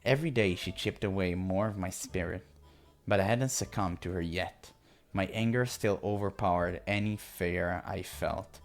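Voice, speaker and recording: A man narrating a visual novel in the first person during a playthrough, reading steadily and earnestly. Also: sits low. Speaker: let's-play narrator.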